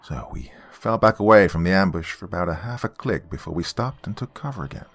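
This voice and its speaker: A man narrating a horror story in an expressive, scripted storytelling manner. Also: low-pitched, no room sound.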